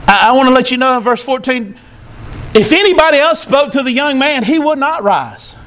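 A male pastor preaching a sermon in church, emphatic and teary, repeating short phrases and building to shouts. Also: very high-pitched, expressive, fairly quick. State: teary, emotional.

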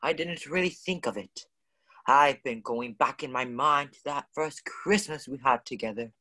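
A man's voice: mid-range voice, normal speed, pushed and bright. A man voicing a stuffy, lecturing husband who declaims in a pompous way, as in a radio play. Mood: earnest.

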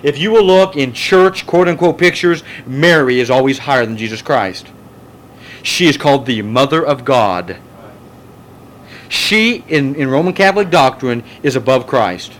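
A middle-aged man preaches as pastor in a Bible study, pushing listeners with rhetorical questions and taking their questions too. His mid-range voice has lively intonation and a fairly bright tone at normal speed, with slight background noise.

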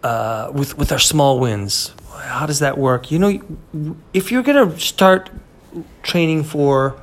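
A man's voice: fairly high pitch, slow. A man in his fifties talking in a rambling, conversational monologue as a podcast host, full of fillers and restarts. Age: 50s. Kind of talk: casual motivational monologue.

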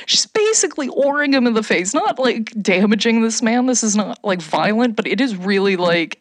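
A woman from Canada telling a funny story in casual chat, animated, swearing and shouting out quoted lines. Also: on the high side, a little fast, hardly any pauses, dry recording, clean studio sound.

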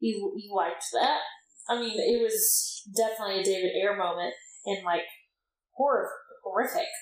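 A woman's voice: mid-range voice, moderate pace. A woman from the Southern US, a teacher co-hosting a casual movie-review chat, blunt, opinionated and teasing. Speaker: teacher and podcast co-host. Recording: roomy echo.

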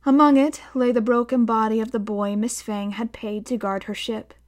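A woman narrating a novel aloud in a steady storytelling manner, voicing the dialogue. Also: a little high, moderate pace. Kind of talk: audiobook narration.

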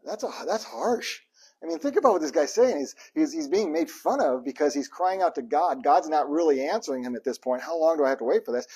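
A man's voice: fairly high pitch, a little mellow, slightly rough. A man giving a casual, joking sermon as pastor, acting out the psalm writer's cries to God. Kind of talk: conversational sermon.

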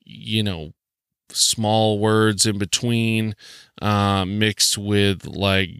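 Slow, rambling Southern man. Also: fairly low pitch, little pitch movement, fairly bright tone, smooth, dry recording, clean studio sound. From southern United States. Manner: meandering, joking, full of ums and restarts. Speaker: podcast host. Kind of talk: rambling solo podcast monologue.

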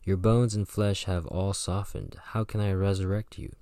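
Guy reading out a defiant shaman lady, chanting her lines, deep low voice, dry close sound. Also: flat delivery, moderate pace, dark tone, no echo. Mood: pleading. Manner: declaiming, incantatory. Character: fierce defiant female shaman, a widow. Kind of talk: reading a folktale aloud.

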